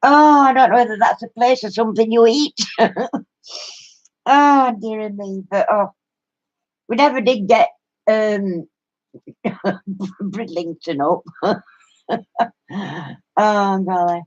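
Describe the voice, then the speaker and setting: Slow-talking older Yorkshire woman. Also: medium pitch. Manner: chatty storytelling, laughs often. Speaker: craft vlogger. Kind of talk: casual chat to viewers. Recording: muffled lo-fi recording.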